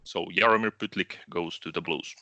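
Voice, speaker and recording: A man explaining his picks as a guest on a podcast, in measured, casual talk. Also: deep voice, fairly even intonation, bright, forceful tone, no room sound. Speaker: draft analyst guest.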